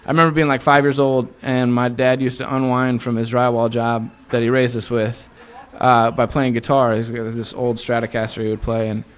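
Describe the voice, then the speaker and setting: A man's voice: medium pitch, moderate pace, clear, resonant tone. A young man from Iowa, a guest musician, telling casual stories in an interview and acting out the voices of the people in them. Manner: animated storyteller who acts out quoted voices.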